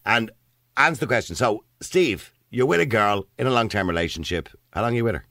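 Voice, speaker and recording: A blunt radio host in middle age, a man with a low-set voice that swings widely in pitch. He talks over his guests in a dry, close studio sound. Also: lively intonation, fairly quick, bright, forceful tone, dry recording. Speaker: radio talk show host. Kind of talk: lively radio studio debate.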